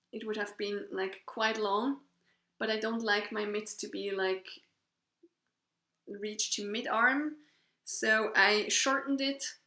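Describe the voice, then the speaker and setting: A woman's voice: a little high, bright, forceful tone. A woman in her thirties from Switzerland, hosting a knitting podcast in casual show-and-tell chat, cheerful and gushing about her finished pieces. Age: 30s. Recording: echoey room.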